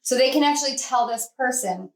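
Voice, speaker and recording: A woman's voice: high voice, a little fast. A woman giving a spiritual tarot reading, rambling and heartfelt with many fillers, speaking from a distance from the mic. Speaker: tarot reader. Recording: roomy, from off-mic.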